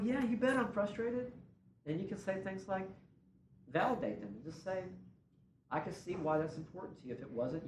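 Man, workshop presenter, conversational, acts out dialogues, echoey room, faint background hum. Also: on the high side. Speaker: workshop presenter on worship ministry. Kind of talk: conference workshop talk. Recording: roomy and distant, faint room noise.

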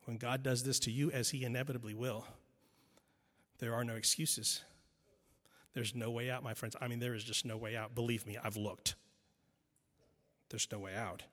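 A man's voice: medium pitch, steady tone, moderate pace, long pauses, fairly bright tone. A male preacher giving an emphatic sermon, driving points home by repetition and adding wry asides. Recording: long reverb in a large hall.

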